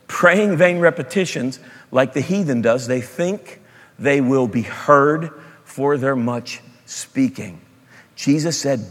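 A pastor preaching a sermon with storytelling, animated, jumping between loud emphasis and quiet asides. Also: male voice, mid-range voice, in a large hall.

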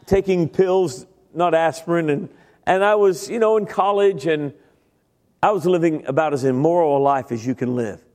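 Middle-aged male preacher, higher voice, comic storytelling sermon, big reverberant sanctuary. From Italian-American family. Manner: animated storytelling, stammering impressions, self-deprecating humor. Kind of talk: humorous sermon with acted-out voices. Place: large church sanctuary.

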